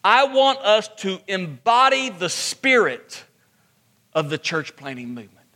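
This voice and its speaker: A man's voice: high-pitched, very animated, measured pace, pushed and bright, in a large hall. A man preaching a sermon as pastor, asking rhetorical questions and repeating points for emphasis.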